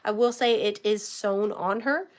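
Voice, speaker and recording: An online reseller runs a live-stream auction from home, her throat sore from all the talking. She speaks at a medium pitch and an unhurried pace, chatting with viewers and greeting them by name as she shows off each item.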